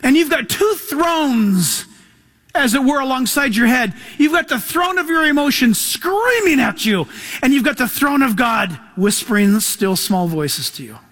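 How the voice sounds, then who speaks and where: A male pastor preaching a sermon, emphatic, swinging between loud passages and hushed ones. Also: very high voice, sing-song, measured pace.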